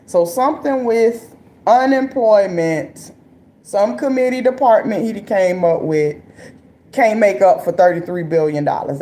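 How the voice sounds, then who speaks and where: A woman's voice: medium pitch, warm tone. A woman with ranting about politics in loose, profane comic riffs. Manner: loose, profane and riffing, with slang and rhetorical asides. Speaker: commentator. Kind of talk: comedic political rant.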